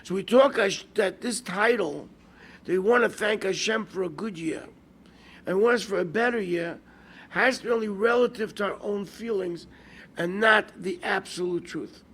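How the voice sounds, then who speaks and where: A man teaches an informal Torah lesson as a rabbi, moving from story to rhetorical question. His voice sits high and bright, with a gravelly fry and a husky grain. He talks casually and throws sudden weight onto single words. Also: normal speed. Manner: conversational, storytelling, rhetorical questions, bursts of emphasis. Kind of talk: informal Torah lecture with stories.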